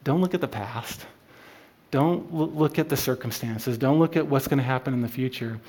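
A man teaches scripture in a loose, conversational way, pausing often and restarting his sentences. His voice sits in an ordinary middle pitch. He comes across as informal rather than preachy. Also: darkish tone. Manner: halting, many fillers and restarts, conversational. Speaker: Bible study teacher.

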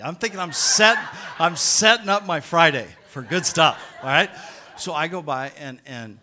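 A man, a pastor, telling a funny anecdote during a sermon and laughing at himself as he goes. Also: mid-range voice. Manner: animated, self-mocking storyteller who laughs at himself.

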